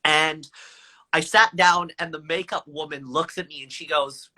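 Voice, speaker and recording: A man in his twenties, a guest telling stories in a live video chat with high energy and a playful, self-mocking manner. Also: fairly even intonation, normal speed, sharp tone.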